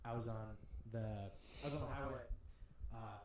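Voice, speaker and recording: Man on a very echoey, noisy mic. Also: mid-range voice. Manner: halting, with many "um" and "uh". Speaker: podcast co-host. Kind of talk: casual storytelling chat. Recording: very echoey room with background noise and clicks.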